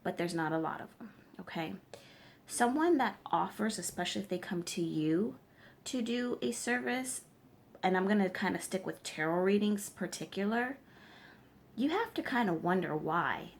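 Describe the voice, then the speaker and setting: Speaking in a mid-range voice with noticeable vocal fry, this woman reads tarot and practices spirituality. In her advice vlog she addresses viewers straight on, lecturing emphatically and pausing often to check in with them.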